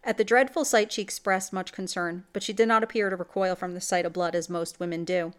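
A woman's voice: on the low side, fairly even intonation, a little fast. A woman reading a classic gothic horror story aloud in scripted narration, with dramatic delivery. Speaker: story reader.

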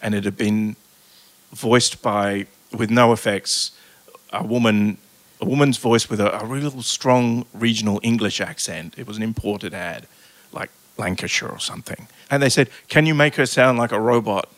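A man's voice: lowish voice, moderate pace, dry recording. A man on a podcast explaining how he made robot voices, thoughtful and technical. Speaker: podcast co-host, sound designer. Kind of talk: casual chat.

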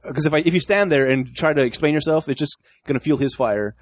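A man's voice: fairly high pitch, quick pace. A man co-hosting a podcast in casual chat, acting out little scenes in his stories and laughing often. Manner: animated, acts out quoted exchanges, laughs often. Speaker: podcast co-host.

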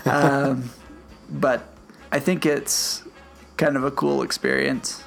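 A man's voice: mid-range voice, little pitch movement, slow, gravelly, soft background music. A man co-hosting a podcast, chatty and agreeable in casual talk. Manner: agreeable, chatty, many short yeahs. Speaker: podcast co-host. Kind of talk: casual chat.

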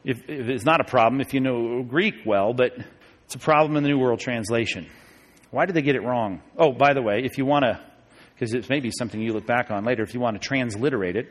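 A man, a pastor, teaching a Bible study class about Greek grammar, joking and slowing down to spell out key sentences. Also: mid-range voice. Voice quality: lively, joking, moves between quick asides and slow deliberate reading.

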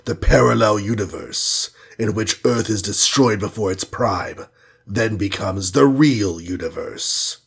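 A man's voice: lowish voice, measured pace, vocal fry, breathy edge, full character voice. A man reading a storybook and voicing a scheming alien villain from the future, condescending and bland, sprinkling in foreign words. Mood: smug. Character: sneering scheming male alien time-traveler villain.

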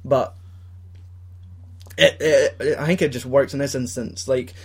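A man's voice: medium pitch, steady tone, unhurried, slightly rough. A young Scottish man chatting casually about films, swearing and laughing often as he acts out scenes. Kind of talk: casual film chat.

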